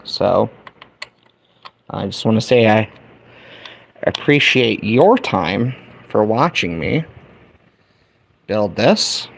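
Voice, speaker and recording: Gravelly, folksy middle-aged man streaming. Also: on the low side, expressive, slow, pauses often. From United States. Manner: folksy and chatty, talking to viewers. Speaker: livestream host. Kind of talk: casual livestream chat while building a kit.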